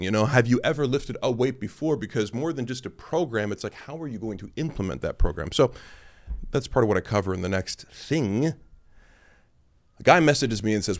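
A man's voice: medium pitch, animated, moderate pace. A man around forty hosting a podcast, talking in a blunt, sarcastic and casual way, with offhand fillers. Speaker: podcast host and lifting coach. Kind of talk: casual monologue.

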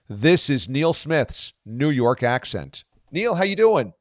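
A man's voice: medium pitch, sing-song, slow pace, no echo. A man hosting a sports podcast, reading a dramatic scripted intro with punchy delivery, then opening the interview. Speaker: podcast host.

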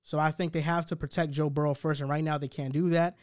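A man with a slightly higher-than-usual voice talks football on a podcast, building his case step by step in a relaxed, analytical way. His voice is close and dry, with no room sound. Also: fast talker, no echo. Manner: analytical, steady, building arguments point by point. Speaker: podcast co-host. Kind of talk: casual sports talk.

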